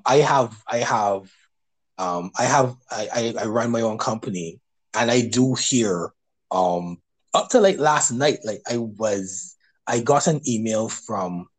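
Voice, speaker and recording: Man, Barbadian accent, husky voice, mid pitch, casual podcast chat, animated storytelling. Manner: animated storyteller, quick to laugh, many restarts. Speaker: podcast host.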